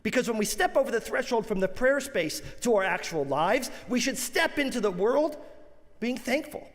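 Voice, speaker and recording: Brief: male rabbi, sermon, earnest rhythmic delivery, slightly high voice. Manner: earnest, rhythmic preaching with emphatic alliteration. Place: large synagogue sanctuary. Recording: long reverb of a large sanctuary.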